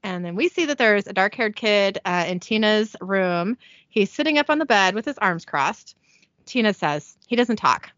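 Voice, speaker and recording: Woman host, chatty and irreverent, bright voice, animated delivery, dry and slightly muffled recording. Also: mid-range voice, normal speed, dry recording. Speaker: podcast host. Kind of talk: casual episode recap.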